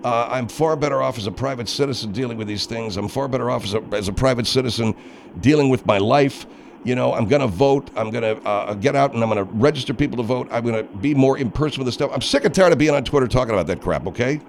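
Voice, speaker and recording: A man's voice: mid-range voice, fast talker, vocal fry, slight background noise. A man hosting a comedic talk radio show, who sounds exasperated and insistent as he banters. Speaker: radio host and entertainer.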